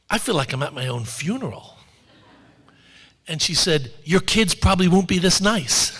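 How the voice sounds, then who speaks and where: High bright male speaker in a reverberant hall. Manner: storytelling with wry humor. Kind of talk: public talk.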